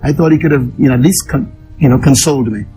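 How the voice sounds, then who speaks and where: An earnest man recounts his own life story in an interview, a mid-pitched voice that he presses for emphasis. He often repeats key words and phrases to drive each point home. Faint music plays softly underneath. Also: fast talker, rough recording. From an island nation.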